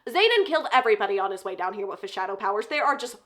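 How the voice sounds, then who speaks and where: Animated woman recapping a novel. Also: mid-range voice, very fast. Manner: animated, joking asides. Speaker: book reviewer. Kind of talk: casual book plot summary.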